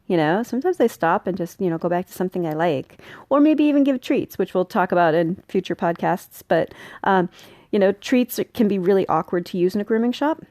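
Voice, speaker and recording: A woman's voice: medium pitch, lively intonation, brisk, darkish tone, no room sound, studio quality. A woman hosting a podcast on dog grooming and training, talking in a chatty, friendly way and laughing now and then. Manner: friendly, chatty, laughs often, acts out dogs' thoughts. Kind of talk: casual instructional podcast talk.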